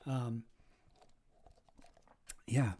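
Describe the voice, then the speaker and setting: A man's voice: medium pitch, level tone, very slow, mellow, slightly rough. A young Canadian man with a Canadian accent, chatting casually on a live stream and answering his chat, rambling with lots of fillers and restarts.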